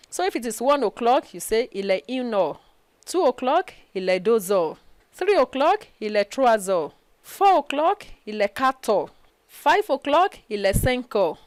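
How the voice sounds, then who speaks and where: A woman's voice: a little high, dry recording. A woman with a Nigerian English accent teaching a recorded French lesson. She repeats each phrase twice and checks in with "okay?". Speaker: French language lecturer. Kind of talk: recorded study-session lecture.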